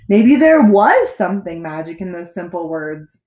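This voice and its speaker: A woman reading a children's picture book aloud as a storyteller, expressive with dramatic pauses. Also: lowish voice. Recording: echoey room.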